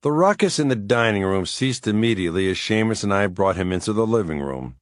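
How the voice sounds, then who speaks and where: A man narrating a first-person thriller audiobook in a wry, measured, weary way. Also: on the low side, lively intonation, no room sound.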